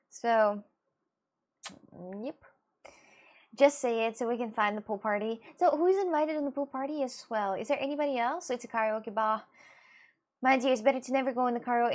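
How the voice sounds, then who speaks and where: Playful woman streamer chatting with viewers. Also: on the high side. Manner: playful, teasing, calls viewers "my dears". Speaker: streamer reading chat. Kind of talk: casual live-stream chat.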